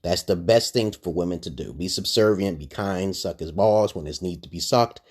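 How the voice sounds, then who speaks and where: A man's voice: sits low, normal speed. A man ranting crudely on a livestream, rambling and jumping his voice way up when he gets heated. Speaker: livestream host. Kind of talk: profane livestream rant.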